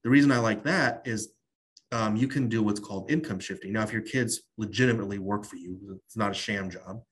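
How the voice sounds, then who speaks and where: Husky-voiced man talking loosely about tax. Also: fairly low pitch, a little fast. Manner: loose storytelling with many fillers. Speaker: guest tax strategist. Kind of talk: casual interview talk.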